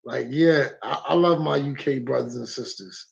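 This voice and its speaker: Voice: medium pitch, moderate pace, gravelly, heavy background noise. A guest streamer in casual livestream chat, laid-back and agreeable, using slang, heard over a muffled lo-fi call.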